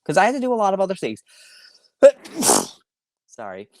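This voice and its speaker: A man's voice: sits high, huge pitch swings, normal speed, gravelly, a little mellow, no echo. A man from Long Island hosting a podcast alone, ranting casually, swearing freely, sighing and correcting himself as he goes. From Long Island, New York. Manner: rambling, swearing, self-correcting, with sighs. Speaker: podcast host. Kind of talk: casual solo podcast rant.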